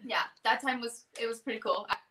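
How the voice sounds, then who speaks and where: A young woman in her twenties from Canada, a singer guest on a podcast, telling lively stories and quoting herself and her partner. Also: fairly high pitch, a little fast, crowd noise. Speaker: guest, country music singer. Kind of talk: casual interview chat.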